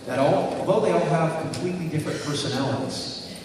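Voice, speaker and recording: A man's voice: a little high, fairly quick. Man speaking in an echoey hall. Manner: storytelling, asks the audience questions. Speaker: motivational speaker. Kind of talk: motivational speech to an audience. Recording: echoey hall recorded from far off, noisy.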